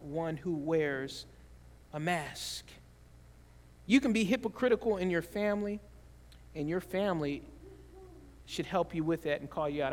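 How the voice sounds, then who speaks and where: A man preaching a sermon as pastor, telling stories with animated shifts between quiet and loud. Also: long reverb tail. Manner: animated storytelling with big swings in pitch and loudness.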